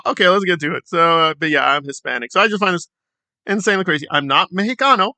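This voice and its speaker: A man's voice: sits high, expressive, fast, sharp tone, no echo. A man hosting a sarcastic commentary vlog who mocks the people he discusses and acts out their quotes in put-on voices. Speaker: commentary channel host.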